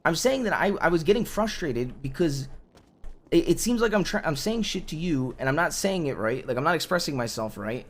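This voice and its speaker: In an improvised game roleplay, a man voices an exasperated young man who begs his partner, says things twice and trips on restarts. His voice sits a little high, with brisk pacing and lively intonation.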